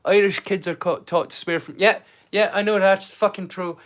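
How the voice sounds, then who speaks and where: This Scottish man, in his thirties, rambles casually while hosting a livestream, often repeating his opening words. His voice sits high and fairly bright, with fairly even intonation and a normal speed.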